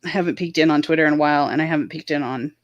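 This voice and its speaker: A woman's voice: deep voice, racing, dull audio. A woman co-hosting a casual livestream chat, reading viewer comments and often dissolving into giggles. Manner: giggly, breaks into laughing fits. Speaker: co-host of a livestream chat show.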